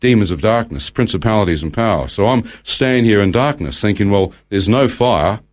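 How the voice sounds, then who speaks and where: A man's voice: lowish voice, expressive, normal speed. A man, telling a guest's testimony in conversation, acting out his own thoughts as dialogue and quoting scripture by verse.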